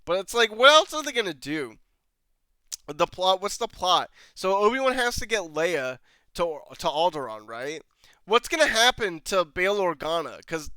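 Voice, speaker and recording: A man's voice: sits high, big pitch swings, unhurried, pushed and bright, smooth, no echo. A young man hosting his own channel, ranting to camera in a rambling, frustrated way and breaking into laughter often. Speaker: channel host reviewing a TV episode. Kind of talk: casual rant to camera.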